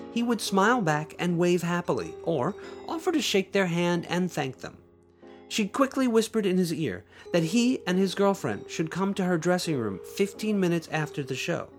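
Man, author reading aloud, playful, animated pitch, somewhat high. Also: normal speed, soft background music. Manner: expressive storytelling, playful asides. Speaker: podcast host and author. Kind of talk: reading his own short story aloud.

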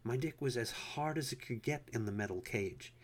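A man narrating an erotic story in a low, intimate voice. His pitch sits in an ordinary middle range for a man. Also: moderate pace.

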